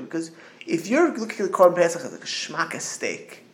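A middle-aged man, a rabbi, gives an informal religious talk in a slightly high, very animated, brisk voice. He rambles and digresses, often restarting and slipping into storytelling asides.

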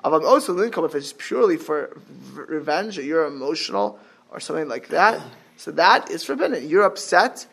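A man's voice: on the high side, very animated, fairly quick, vocal fry, a bit bright, breathy edge. A man giving a religious lecture as a Torah teacher, talking animatedly with many restarts and Hebrew terms, and breaking into sudden exclamations.

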